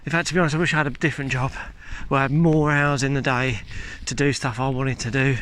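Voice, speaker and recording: Bright-voiced man chatting on a walk. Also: medium pitch, fairly even intonation, quick pace, a little hiss or hum. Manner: chatty, rambling, candid. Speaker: vlogger. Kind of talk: casual walking chat. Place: outdoors on a countryside walk. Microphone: handheld camera while walking. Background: faint outdoor ambience.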